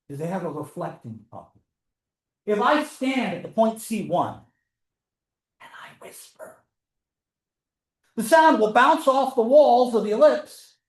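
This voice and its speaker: Male college math teacher, fairly high voice, chatty classroom lecture with jokey asides. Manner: pace swings between slow emphasis and quick runs. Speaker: math instructor.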